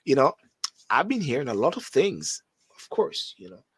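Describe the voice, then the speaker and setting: A man's voice: mid-range voice, big pitch swings, moderate pace, a bit bright, breathy edge. A Jamaican man hosting a live-streamed call-in talk show, talking animatedly, repeating words as he reads out viewer comments. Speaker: host.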